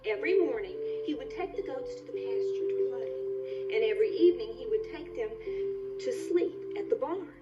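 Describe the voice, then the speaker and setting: Animated woman telling a story to kids. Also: high-pitched, fairly quick. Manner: expressive, playful, sing-song storytelling. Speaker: visiting storyteller. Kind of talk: storytelling to children on kids' TV. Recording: dull TV soundtrack with music.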